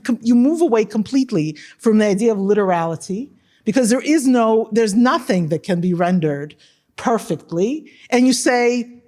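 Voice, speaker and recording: A woman scholar speaking on a panel discussion about translation, animated and emphatic, often tagging her points with questions. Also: fairly high pitch, normal speed.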